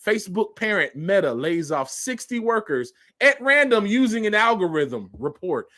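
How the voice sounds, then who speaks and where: A man's voice: sits high, very animated, normal speed, pushed and bright. A man reading news headlines aloud and adding sarcastic commentary, laughing often. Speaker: commentary vlogger.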